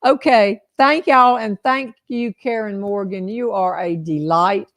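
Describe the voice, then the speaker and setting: An older woman with a drawl hosts a relaxed live conversation. She jokes and tells stories in a folksy, easygoing way. Her voice is recorded dry, with little room sound. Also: medium pitch, a little slow, no room sound. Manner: folksy, joking storyteller. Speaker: host. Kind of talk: casual live-stream chat.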